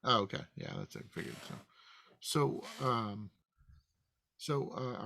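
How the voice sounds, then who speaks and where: A man's voice: mid-range voice, wildly swooping pitch, takes it slowly, gravelly, pushed and bright. A man playing a tabletop game, speaking hesitantly and earnestly, often repeating words. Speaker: player.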